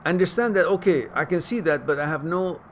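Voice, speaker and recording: A man hosting a question-and-answer stream, giving casual spoken advice that turns animated as he stresses points and repeats words. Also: fairly high pitch, brisk, a little hiss or hum. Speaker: host answering viewer questions.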